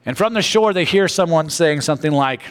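Man preaching in animated storytelling. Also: fairly high pitch, brisk, clean tone. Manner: animated storytelling, acting out characters; jokey asides. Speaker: pastor. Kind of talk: sermon. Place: church.

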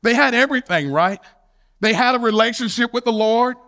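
A man's voice: very high voice, fairly quick. A male pastor giving a storytelling sermon, moving from a childhood anecdote into scripture. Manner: storytelling, animated, with shouted quotes of a friend's catchphrase.

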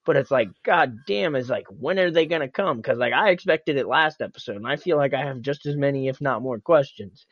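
A man co-hosting a casual podcast, rambling excitedly and swearing freely. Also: medium pitch, brisk, hardly any pauses, slightly rough, dry recording. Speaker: podcast co-host. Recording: dull lo-fi mic.

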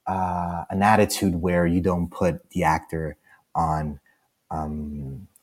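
A man from Italy with an Italian accent, a guest in an interview, telling anecdotes in a lively way and often laughing. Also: deep voice, slow. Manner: animated storyteller, laughs often, acts out quoted lines.

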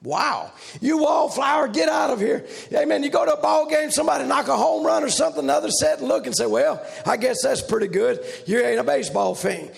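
A man preaching a revival sermon in a loud, rhythmic, shouting preaching cadence. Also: very high-pitched, expressive, fast, gravelly, few pauses.

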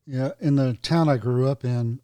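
A man from North Carolina co-hosting a podcast, talking in a relaxed, unhurried way. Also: mid-range voice, smooth, no echo. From North Carolina, USA. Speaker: podcast co-host. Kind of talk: casual chat.

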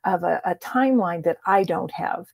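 A middle-aged woman coach talks in a lively, animated way in a casual interview and acts out the lines of the people in her stories. Her voice is husky with a gravelly fry. It is recorded dry, with no room sound. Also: on the low side, normal speed, no echo. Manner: animated storyteller acting out quoted dialogue. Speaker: transformation coach guest.

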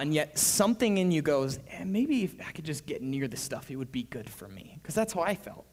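A man preaching a sermon as pastor, animated, his voice swinging between hushed and loud. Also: on the high side. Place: church. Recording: reverberant church hall.

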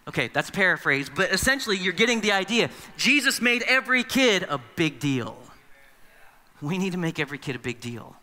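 Man, pastor, sermon, high bright voice, conversational, echoing church hall. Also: sing-song, a little fast. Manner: conversational, acts out quoted voices. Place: church sanctuary. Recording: long reverb of a large hall.

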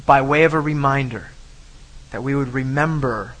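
A man's voice: medium pitch, moderate pace, fairly bright tone, a little hiss or hum, poor audio. A man preaching a sermon, emphatic, often repeating and restarting phrases. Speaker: pastor.

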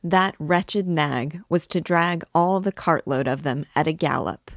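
A woman narrates a classic novel in a measured, even storytelling voice. Her pitch sits low and her pace is slow. The recording is dry and close. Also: no echo. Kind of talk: audiobook narration.

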